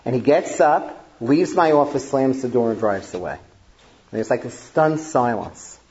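A man's voice: mid-range voice, lively intonation, moderate pace, darkish tone, lo-fi sound. A male family therapist telling a story to an audience in a conversational way, with many fillers.

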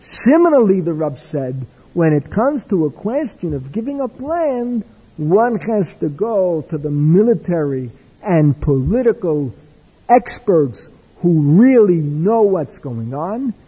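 Older man, religious teacher, husky, fairly high voice, reverberant hall. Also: big pitch swings, takes it slowly, mellow. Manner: discursive, wry, with Hebrew and Yiddish terms. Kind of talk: lecture with storytelling. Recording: echoey hall with long reverb.

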